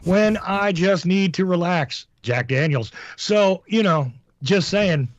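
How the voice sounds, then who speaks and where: A man with a fairly high voice cracks jokes and rambles through a casual call-in chat from his house. His voice is dry and close, with no room around it, and comes over a dull, lo-fi remote line. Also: takes it slowly, no echo. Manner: joking, rambling, teasing. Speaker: co-host, timekeeper. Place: home.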